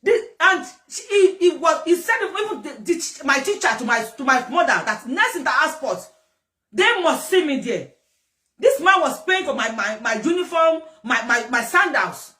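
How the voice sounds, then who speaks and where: A woman with a Nigerian accent giving lively, rambling commentary, often repeating herself. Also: high voice, normal speed. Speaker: commentator host. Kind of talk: casual commentary mixing English and Yoruba. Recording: distant echoey room.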